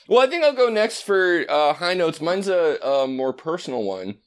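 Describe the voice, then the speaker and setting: A man's voice: sits high, big pitch swings, measured pace. A man in his thirties co-hosting a podcast in casual chat, rambling and swearing, sometimes slipping into a put-on announcer voice. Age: 30s. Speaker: podcast co-host.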